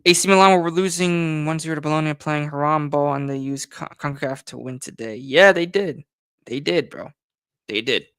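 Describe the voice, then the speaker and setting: A man's voice: fairly high pitch, normal speed, fairly bright tone, clean tone, no room sound, studio quality. A man hosting a casual livestream chat, rambling and slangy, full of "you know" and "bro". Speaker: fan channel host.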